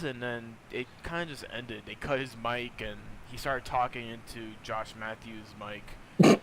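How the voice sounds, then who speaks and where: A man's voice: medium pitch, steady tone, measured pace, slight background noise, rough recording. A young man hosting a podcast, rambling loosely through news in a casual, joking chat. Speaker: podcast host.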